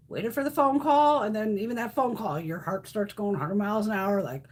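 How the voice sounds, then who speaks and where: A woman's voice: mid-range voice, normal speed, slightly rough. A woman in her fifties chatting casually on a live stream, blunt and profane, telling stories with lots of animation. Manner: blunt, swears freely, animated storytelling.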